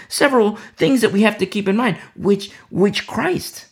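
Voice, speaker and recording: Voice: medium pitch, lively intonation, normal speed, hardly any pauses. A Bible teacher giving an informal, conversational talk to a home fellowship, rambling with many asides and restarts.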